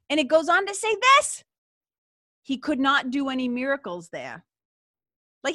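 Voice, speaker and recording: A woman hosting a faith talk, animated and slangy, reading passages aloud and commenting on them. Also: on the high side, no room sound, studio quality. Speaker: faith podcast host.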